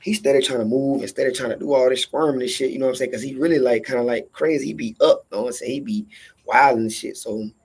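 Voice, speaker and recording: A man telling a profane workplace story in casual storytelling style, animated and acting out every line of dialogue. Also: mid-range voice, fast talker, husky.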